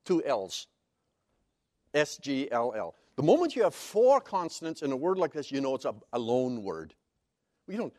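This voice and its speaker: A man's voice: mid-range voice, sing-song, normal speed, a little mellow, no echo, studio quality. A man preaching a sermon as Bible teaching, stressing key words emphatically and explaining Hebrew terms one by one.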